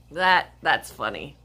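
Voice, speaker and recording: A woman's voice: deep voice, pushed and bright. A woman from Michigan hosting a casual livestream chat from home, rambling and laughing often. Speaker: livestream host. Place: home, with her dog.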